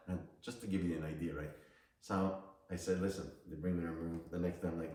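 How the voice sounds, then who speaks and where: A man's voice: low-pitched, level tone, brisk, mellow. A middle-aged man, a psychic medium, telling a casual motivational story about his own past. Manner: casual, storytelling, laughs between lines. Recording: very echoey room, distant from mic.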